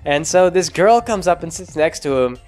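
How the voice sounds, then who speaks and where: A man's voice: fairly high pitch, lively intonation, moderate pace, a little mellow, soft background music. Rambling, sarcastic man recapping a film. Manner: rambling, sarcastic, self-interrupting. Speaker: host. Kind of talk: comedic movie recap.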